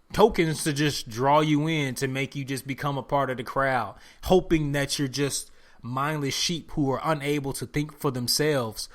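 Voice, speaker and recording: A man hosting his own podcast, talking alone in casual slang and preaching to his listeners, repeating his points for emphasis. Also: a little high. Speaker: podcast host. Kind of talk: solo podcast monologue.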